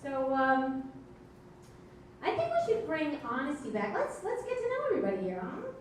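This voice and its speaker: A woman's voice: high-pitched, huge pitch swings, normal speed, a little hiss or hum. A woman, emceeing stand-up comedy in a club with wry, teasing crowd work. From Brooklyn, New York. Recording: echoey club audio from far off.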